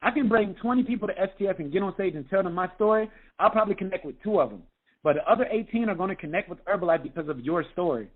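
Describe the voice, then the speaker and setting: High-voiced man on a tinny phone line. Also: rapid-fire. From United States. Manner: energetic, repeats "okay?" often. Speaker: health coach. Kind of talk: motivational talk on a group call.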